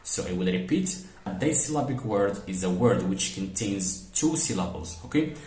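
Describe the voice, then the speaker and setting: A man with a fairly low voice is teaching a phonetics lesson. He works through each point patiently, repeating the example words slowly and leaning on "okay" and "for example". The recording has a noticeable room echo. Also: animated, a little mellow.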